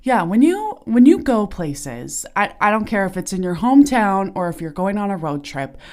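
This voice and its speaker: A woman's voice: medium pitch, very animated, normal speed, darkish tone. Bubbly young woman chatting on a podcast. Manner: bubbly and chatty, many fillers and giggles. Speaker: podcast host. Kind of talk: casual solo podcast chat. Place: small turned-off home sauna. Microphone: podcasting equipment while lying on her stomach.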